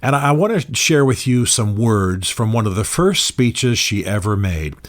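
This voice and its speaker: A man speaking in an earnest, measured monologue from his office, repeating key phrases for emphasis. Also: lowish voice, animated. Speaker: author and commentator. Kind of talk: reflective spoken monologue.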